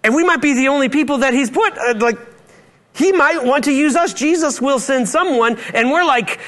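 A man's voice: very high-pitched, normal speed, fairly bright tone. A male pastor preaching a sermon in a church, playful and acting out Bible dialogue in different voices.

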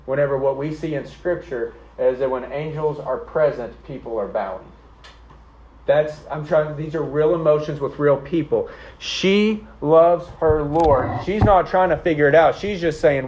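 In a lo-fi recording, a pastor with a fairly high, slightly mellow voice delivers an earnest sermon at normal speed. He keeps it conversational, frequently checking in with his congregation with "okay?" and "right?".

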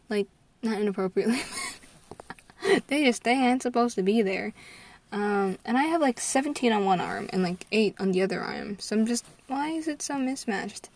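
Giggly scatterbrained young American woman. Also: medium pitch. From United States. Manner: scatterbrained, giggly, trails off and restarts. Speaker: vlogger. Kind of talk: rambling casual chat.

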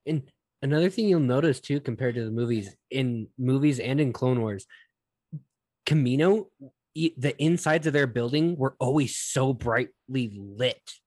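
A man's voice: medium pitch, moderate pace, darkish tone, dry recording. A man co-hosting a casual podcast, making chatty observations. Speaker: podcast co-host. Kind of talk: casual chat.

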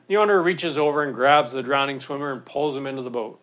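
A man preaching a sermon in a measured, earnest storytelling manner. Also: medium pitch, a bit bright. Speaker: pastor.

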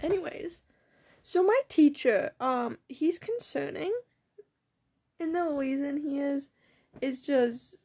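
With a high-pitched, expressive, and mellow voice, a teenage girl vlogger chats casually to camera, speaking slowly with long pauses. Her storytelling is rambling, profane, and giggly, and her mouth is numb from dental work.

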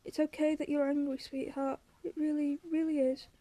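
A woman reading the part of a gravely ill mother who speaks softly and tenderly, sometimes through tears. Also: sits high, flat delivery, normal speed, dry recording, lightly acted. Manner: soft, tender, pleading. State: crying in places.

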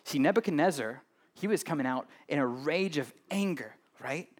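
Chatty pastor with a fairly high voice. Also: male voice, animated, normal speed. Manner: conversational, tags "right?" often and banters with the congregation. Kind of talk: sermon.

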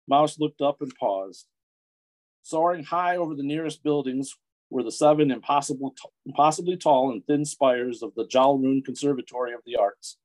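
A middle-aged man from Detroit reading his own fantasy story aloud in a measured storytelling way. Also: mid-range voice, a little mellow, poor audio. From Metro Detroit, USA. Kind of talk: audiobook-style fiction reading.

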